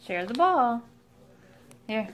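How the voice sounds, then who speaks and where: Sing-song high-voiced mother coaxing babies. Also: sing-song, slow, highs cut off. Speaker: mother filming her babies. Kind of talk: home video baby talk. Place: family home.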